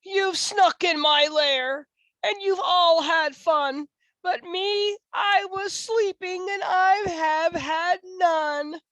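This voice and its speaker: A woman's voice: very high-pitched, extremely slow, fairly bright tone, dry recording, pitched above the performer's own voice, heavily acted, low-quality recording. A woman voicing a big grumpy bear in a storybook, complaining in a whiny raised voice. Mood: grumbling.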